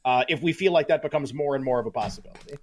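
A man co-hosting a sports talk show, riffing in an animated, incredulous way and often restarting his sentences. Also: medium pitch, racing. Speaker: sports radio co-host.

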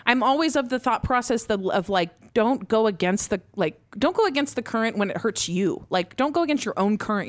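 A woman co-hosting a podcast in casual chat, talking with lots of fillers. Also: mid-range voice. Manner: chatty, filler-heavy, laughs often. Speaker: podcast co-host.

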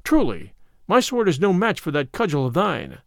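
Man doing a gentle young stranger, soft archaic speech, fairly high lively voice. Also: moderate pace, no echo, studio quality, exaggerated voice.

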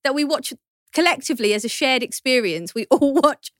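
A woman's voice: high-pitched, expressive, brisk, fairly bright tone, dry recording, clean studio sound. A British woman, a guest podcast host, chatting casually and laughing often. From United Kingdom. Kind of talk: casual chat.

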